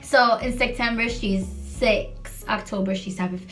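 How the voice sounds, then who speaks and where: A woman's voice: on the high side, unhurried, a bit bright, soft background music. A young woman telling a storytime in casual chat, rambling and sassy, swearing freely.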